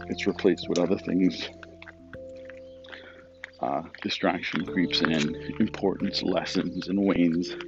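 Man, reflective talk, chatty rhetorical asides, fairly low voice, clear music underneath. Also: highs cut off. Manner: conversational, rhetorical asides and "right?" checks. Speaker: speaker reflecting on religious practice.

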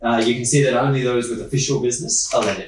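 A man narrating as game master of a tabletop role-playing game, in a relaxed, halting way with many fillers. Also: medium pitch, a little hiss or hum. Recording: echoey, distant room mic.

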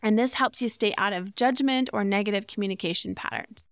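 A woman hosts a relationship advice podcast, speaking earnestly and in a teaching manner. Her voice carries a gravelly edge yet stays smooth and resonant. The recording is dry and close, with no room sound. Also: medium pitch, a little fast, no echo. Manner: earnest, instructive, acts out example phrases. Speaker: podcast host.

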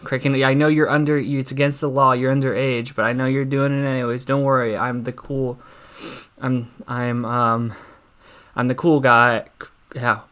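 A young man doing an awkward, deadpan stand-up routine, halting and stammering through constant fillers and restarts. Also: medium pitch. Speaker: stand-up comic.

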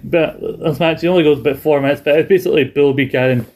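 A man's voice: fairly high pitch, fast talker, darkish tone, a little hiss or hum. Chatty man laughing through a recap. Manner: chatty, laughs often, acts out quotes. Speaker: podcast host. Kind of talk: casual chat, recapping a match.

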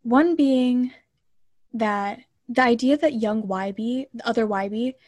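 A young woman co-hosting a casual chat, retelling a film with lots of fillers and mock-indignant asides. Her voice sits fairly high and is heard close up in a dry space with no room sound. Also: slow, no room sound. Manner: animated, chatty, full of "like" and mock-indignant asides.

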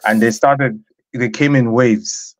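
A man co-hosting a casual podcast, telling stories in a relaxed, chatty way with lots of fillers. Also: medium pitch, slow, dry recording. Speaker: podcast co-host. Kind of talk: casual banter. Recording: dull dry lo-fi sound.

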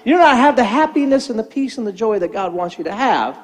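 A man's voice: high voice, fairly quick. An older man, a pastor, telling a comic story in a sermon, acting out the voices in it. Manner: animated, acts out voices in a story.

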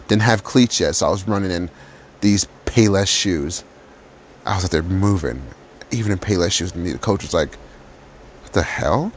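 A man with a very low voice recounts his own life story in a loose, casual way. He talks bluntly and swears freely, now and then slowing into a reflective tone. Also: slight background noise.

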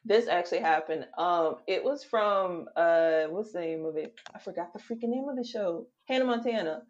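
A woman in casual group chat, laughing often as she tells animated stories. Her voice sits a little low, and the recording sounds dull and lo-fi. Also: moderate pace. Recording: dull lo-fi audio.

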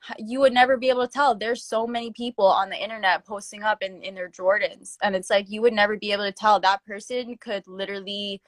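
A woman's voice: medium pitch, quick pace, dry recording. A young woman in casual chat, talking loosely with many fillers and slang as an interviewee. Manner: filler-heavy, animated, slangy.

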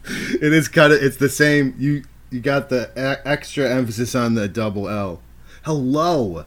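Male podcast host, mid pitch, teasing, swears often, casual. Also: steady tone, moderate pace, fairly bright tone.

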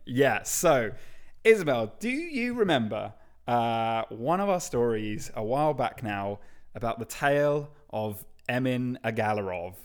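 A man's voice: medium pitch, sing-song, a little slow, clear, resonant tone. A young man co-hosting a podcast, chatting casually and laughing often. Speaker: podcast co-host.

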